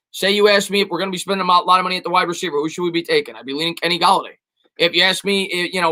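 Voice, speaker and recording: A man hosts a relaxed live stream, reading viewers' questions and answering with firm, repetitive opinions. His voice sits high and sounds bright. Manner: rambling, repeats himself, emphatic opinions. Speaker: sports YouTuber answering live chat questions.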